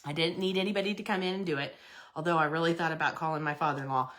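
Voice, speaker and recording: A middle-aged woman chats casually on a home decor livestream, recorded from her office. She tells stories in an animated, rambling way and laughs often. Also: deep voice, racing. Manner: chatty, animated storytelling with laughs. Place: her office in a shed building.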